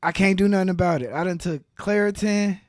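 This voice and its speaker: Guy in his 40s, a bit hoarse from allergies, laid back, dry close sound. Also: high voice, brisk, dry recording. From Texas. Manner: relaxed, laughs easily, talks with fillers. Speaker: guest. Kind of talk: casual interview chat.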